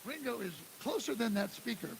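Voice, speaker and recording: A man in his sixties from the Detroit area, telling animated stories at a live drum clinic in a music store. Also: extremely high pitch, fairly quick, vocal fry. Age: 60s. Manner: animated storyteller who acts out quotes and scats drum parts. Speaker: guest drummer giving a clinic. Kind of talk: live clinic talk and storytelling. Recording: live room with steady hiss.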